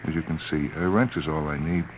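A man voicing a confident young woman cyclist, teasing, raised pitch, narrow lo-fi sound. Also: brisk. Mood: breezy. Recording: tinny lo-fi radio recording with faint hiss.

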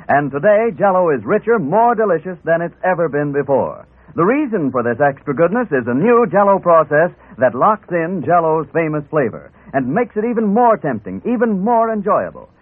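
A man reading a scripted radio advertisement as an enthusiastic, persuasive pitchman. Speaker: commercial announcer. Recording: tinny old radio broadcast.

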